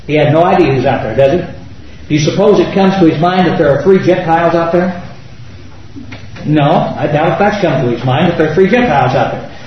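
A man teaching a Bible study class, emphatic and full of rhetorical questions to his students, recorded in a classroom. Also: fairly high pitch. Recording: muffled lo-fi, echoey room, far mic.

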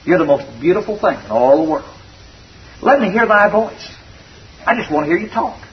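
A man acting out a young country shepherd boy pleading with his sweetheart, in an earnest, halting, coaxing way. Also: sits high, sing-song, slight background noise, pitched below the performer's own voice. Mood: adoring. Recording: dull distant recording.

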